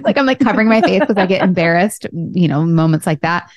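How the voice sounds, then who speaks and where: A woman's voice: lowish voice, expressive, brisk, few pauses, a little mellow, dry recording, clean studio sound. A woman hosting a podcast, chatting casually, laughing often and retelling stories. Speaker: podcast host. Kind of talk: casual chat.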